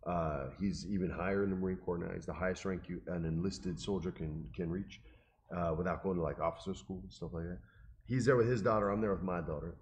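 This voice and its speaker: Middle-aged man, deep low voice, animated storytelling, faint background noise. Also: fairly quick. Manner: animated, emotional, quotes people in his stories. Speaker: guest telling a story. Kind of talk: casual storytelling chat.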